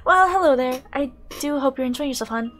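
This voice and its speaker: A woman's voice: sits high, expressive, brisk, fairly bright tone. A woman voicing a sweet, doting female bee character in a game, sugary and possessive.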